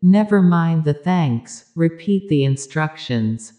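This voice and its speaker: A speaker voicing a brusque, efficient man from Berlin who barks out clipped orders in a slow, deliberate delivery. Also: mid-range voice, lively intonation, warm tone. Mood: impatient.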